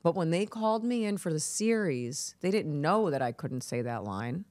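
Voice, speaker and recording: A woman appears as a guest on a casual podcast interview, telling brash, profane stories and acting out the people she quotes with lively voices. Her voice sits low at a normal speed, and the studio sound is clean with no room sound.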